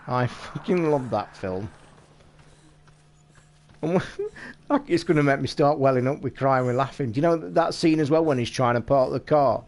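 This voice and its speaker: A man's voice: medium pitch, moderate pace, long pauses. A man streaming a game live, chatting casually to his viewers and swearing constantly as he plays. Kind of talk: casual live gameplay commentary.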